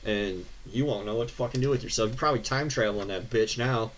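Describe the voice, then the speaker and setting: Talking fast in a low voice over slight background noise, a young American car-channel host reads viewer questions aloud. He swears and rants in response, sounding sarcastic and exasperated.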